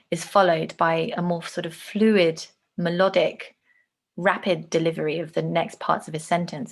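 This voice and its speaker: A woman with a fairly low, fairly even voice teaches an online lesson on speech delivery. She explains conversationally, with frequent ums, and slows down to stress words.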